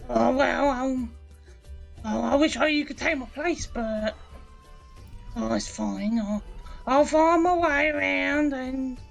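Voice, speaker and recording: A woman's voice: high-pitched, slow pace, vocal fry, long pauses, faint music behind, exaggerated voice. A woman playing an easygoing young sailor son in a tabletop game, hesitant and trailing off.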